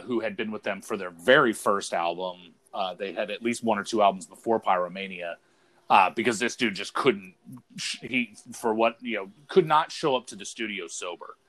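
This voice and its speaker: Low-voiced man rambling through a story. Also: fairly bright tone. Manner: rambling storyteller, many fillers and restarts. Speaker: podcast co-host. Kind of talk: casual chat.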